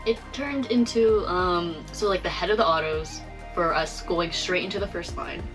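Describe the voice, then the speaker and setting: A woman's voice: on the low side, normal speed, over loud music, poor audio. A young woman in casual chat, adding brief remarks and agreeing.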